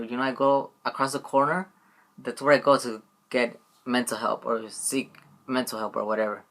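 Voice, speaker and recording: Speaking straight to the camera, a young male vlogger tells a story in a loose, rambling way, constantly circling back with "like" and "you know what I mean." His ordinary mid-range voice is a bit bright, at a moderate pace with long pauses.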